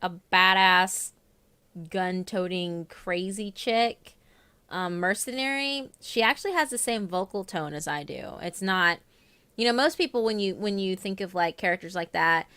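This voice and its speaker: A woman's voice: medium pitch, unhurried, clear, resonant tone, dry recording. A young woman with a light Southern US accent hosting a live stream, chatting animatedly with guests. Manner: chatty, animated fan talk. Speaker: stream host. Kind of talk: casual live-stream chat.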